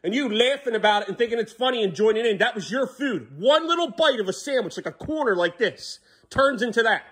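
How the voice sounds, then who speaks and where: A man's voice: very high voice, lively intonation, fairly quick, fairly bright tone. A man in a casual vlog, scolding in an exasperated way and repeating the same stern words over and over. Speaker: vlogger.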